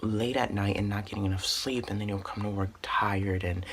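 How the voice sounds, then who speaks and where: A man's voice: fairly low pitch, fairly even intonation, moderate pace, fairly bright tone, slight background noise. A young man telling a personal story in a casual storytime vlog, earnest and heartfelt, rambling with restarts. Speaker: storytime vlogger.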